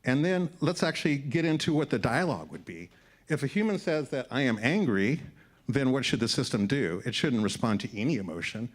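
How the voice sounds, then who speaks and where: Male presenter for a short tech talk, upbeat and explanatory, mid-range pitch, speaking to a room. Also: expressive, a little fast. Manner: upbeat, explanatory, walks through slides. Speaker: conference speaker. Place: event room before a live audience.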